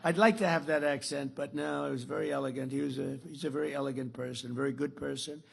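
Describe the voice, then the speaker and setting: A man's voice: medium pitch, fairly even intonation, quick pace, gravelly, a little hiss or hum. A man in his seventies giving a rambling, boastful after-dinner speech at a podium, restarting sentences and adding asides. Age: 70s. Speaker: speaker at a club dinner. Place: dinner event.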